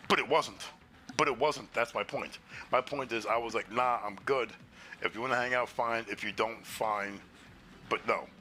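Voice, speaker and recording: A man's voice: medium pitch, moderate pace, bright, forceful tone, a little hiss or hum. A man casually telling a story on a stream, profane and exasperated, acting out both sides of the conversation. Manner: profane, exasperated retelling with quoted dialogue.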